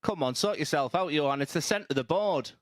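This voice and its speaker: A man's voice: fairly high pitch, animated, brisk, no echo, clean studio sound. A man commentating on a darts match with playful, teasing banter. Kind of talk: jokey sports commentary.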